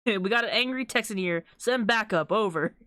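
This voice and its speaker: A woman's voice: medium pitch, normal speed, sharp tone, no echo, studio quality. A woman streamer giving playful, giggly commentary while playing a game.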